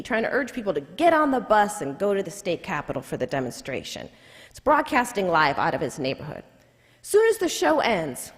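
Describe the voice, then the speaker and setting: Woman guest lecturer; emphatic spoken storytelling with a very lively pitch; echoey hall sound. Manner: emphatic, repeats key lines for effect. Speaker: guest lecturer, civil rights lawyer. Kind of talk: personal storytelling in a public lecture. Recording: echoey hall with long reverb.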